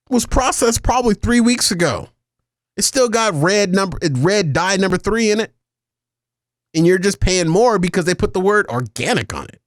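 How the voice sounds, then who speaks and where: A man co-hosting a podcast in casual banter, animated and joking, speaking into a close mic. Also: high-pitched, dry recording. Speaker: podcast co-host.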